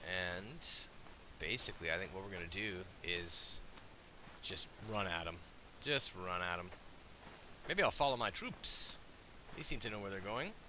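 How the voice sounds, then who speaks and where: A man as host giving jokey, excitable let's play commentary. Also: deep voice, unhurried, long pauses, slight background noise. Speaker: gaming host.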